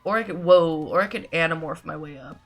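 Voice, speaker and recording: While streaming a video game, a woman offers wry, sarcastic commentary, swearing casually in a low-energy delivery. She speaks briskly, with faint music in the background.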